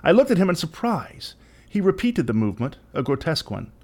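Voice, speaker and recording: Expressive man doing a dramatic reading. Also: on the high side, brisk. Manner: theatrical, expressive narration. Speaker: reader.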